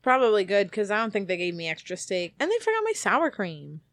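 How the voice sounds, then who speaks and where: A woman's voice: mid-range voice, huge pitch swings, a little fast, fairly bright tone, dry recording, clean studio sound. A woman in casual chat, cutting in to correct and add details. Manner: chimes in with corrections.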